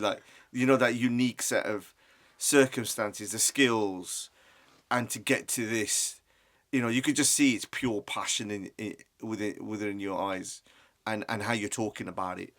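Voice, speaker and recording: A man's voice: fairly low pitch, fairly bright tone. A man from the West Midlands of England hosting a podcast interview, asking long, rambling questions with many restarts. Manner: rambling, hesitant multi-part questions. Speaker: podcast host. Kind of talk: casual interview.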